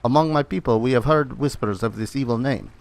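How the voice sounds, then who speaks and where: A proud barbarian warrior woman, freed from captivity, speaks in solemn, formal phrases, as a man puts her on. The voice carries a wobbly put-on accent and a steady mid pitch. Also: a little fast, close to an everyday voice. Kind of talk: reading game dialogue aloud.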